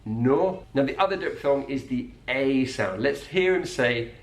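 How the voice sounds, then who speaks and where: A man's voice: medium pitch, lively intonation, moderate pace. Man explaining accents in a roomy space. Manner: clear, demonstrates sounds by repeating words. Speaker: accent coach. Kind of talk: explanatory video lesson. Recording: roomy echo.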